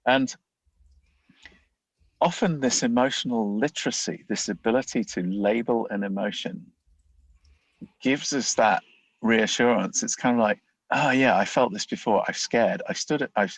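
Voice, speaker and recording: A man's voice: lowish voice, normal speed, gravelly, slightly rough, dry recording, poor audio. A man, a leadership coach, explaining ideas in a conversational interview, often acting out inner thoughts as quoted voices.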